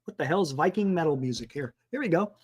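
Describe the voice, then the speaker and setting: A man hosting a sports talk livestream, rambling casually and thinking out loud, with some mild swearing. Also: fairly high pitch, expressive, fast, husky.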